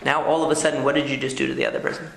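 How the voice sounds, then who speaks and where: Gravelly-voiced man teaching in an echoey room. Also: mid-range voice, little pitch movement, racing, fairly bright tone. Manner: conversational teaching, frequent "okay?" checks. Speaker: rabbi. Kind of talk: lecture on marriage communication.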